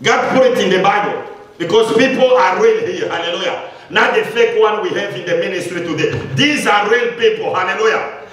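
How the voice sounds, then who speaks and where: A man preaching a sermon as pastor, with frequent calls of hallelujah and bursts of shouting. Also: high voice, a little fast. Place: church hall. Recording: echoey hall, voice from a distance.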